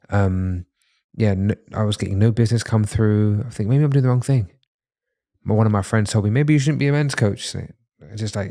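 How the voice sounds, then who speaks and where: Earnest man, low voice. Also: mellow. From London, England. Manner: earnest, reassuring, reflective. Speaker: masculinity coach, podcast guest. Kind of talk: casual podcast conversation.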